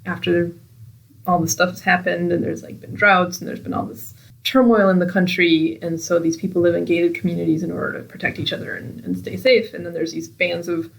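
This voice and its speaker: A woman co-hosting a library podcast, talking casually about a book she reread, relaxed and attentive. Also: fairly low pitch, fairly quick, creaky, low-quality recording. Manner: attentive listener, frequent backchannels, relaxed. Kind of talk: casual book recommendation chat.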